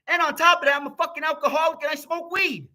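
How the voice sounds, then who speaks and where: An American man vents on his vlog in a heated, rambling rant, swearing at every turn. His voice sits high for a man, with a bright, forceful edge. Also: steady tone, quick pace. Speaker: YouTuber.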